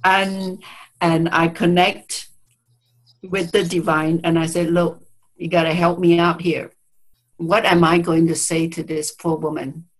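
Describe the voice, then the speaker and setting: Husky-voiced woman telling a client story. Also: fairly low pitch, little pitch movement, a little slow, rough recording. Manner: reflective, hesitant restarts, quotes clients aloud. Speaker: therapist and guest speaker. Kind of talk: storytelling in an interview. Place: online video call. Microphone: video call mic.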